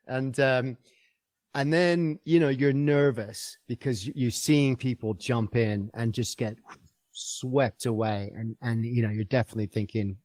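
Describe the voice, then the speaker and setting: A man's voice: mid-range voice, unhurried, darkish tone, dry recording. A man guest on a podcast interview, telling a travel story in an enthusiastic, rambling way with many fillers and restarts.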